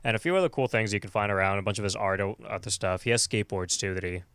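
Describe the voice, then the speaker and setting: Male podcast host, low resonant voice, dry close sound, loose profane recap with lots of "uh". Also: very fast, a bit bright, smooth, no echo. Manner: loose, profane, rambling with many fillers. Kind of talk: casual chat recapping a cartoon episode.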